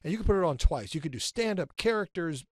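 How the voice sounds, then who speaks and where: A middle-aged man speaks quickly in a slightly raised voice and tells a personal story as an interview guest. He is animated and acts out the argument he had with himself. The recording is close and dry. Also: on the high side, husky, no echo.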